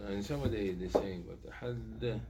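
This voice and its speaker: A man's voice: fairly low pitch, normal speed, a crowd in the background. A male student in a class, questioning and interjecting.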